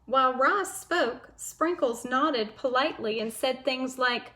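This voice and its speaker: A woman teacher reading a chapter book aloud to children, gentle and patient as she tells the story. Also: sits high, unhurried, few pauses.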